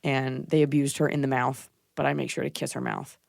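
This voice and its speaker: Blunt, gravelly-voiced woman comedian. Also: extremely low pitch, flat delivery, a little fast, a little mellow, no echo. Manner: blunt, profane, storytelling with acted-out quotes. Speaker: podcast host and stand-up comedian. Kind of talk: casual chat.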